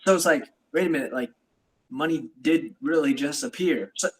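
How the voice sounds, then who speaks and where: A man's voice: fairly high pitch, moderate pace, poor audio. A man hosting a podcast, telling a personal story in casual chat with many fillers. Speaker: podcast host.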